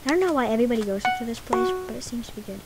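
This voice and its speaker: A woman playing a video game live, excitedly talking to the creatures on screen and crying out when things go wrong. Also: a little high, very fast, loud music behind the voice. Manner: excitable, talks to game creatures, bursts of cries. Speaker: gamer playing a minigame server. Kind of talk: live gameplay commentary.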